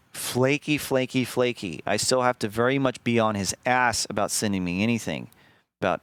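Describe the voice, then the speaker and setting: A man streaming, telling a story casually to his chat in an animated, profane way, acting out the lines he quotes. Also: medium pitch, normal speed, smooth, dry recording.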